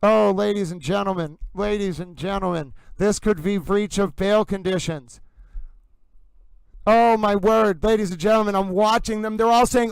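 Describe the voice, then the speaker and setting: Excitable high-voiced male livestream host. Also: moderate pace, vocal fry, clear, resonant tone, no echo, poor audio. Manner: excited, addresses "ladies and gentlemen" constantly. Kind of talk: live commentary stream.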